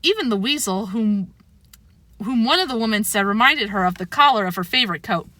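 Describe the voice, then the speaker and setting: Woman storybook reader, bright and animated. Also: a little high, brisk, dry recording. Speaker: narrator. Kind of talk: children's book read-aloud.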